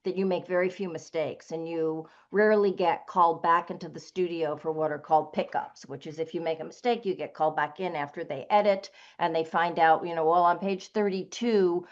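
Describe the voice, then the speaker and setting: A woman's voice: on the low side, fairly even intonation, fairly quick, few pauses. Emphatic woman narrator, dull recording. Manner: emphatic, opinionated. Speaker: audiobook narrator. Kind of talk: panel discussion.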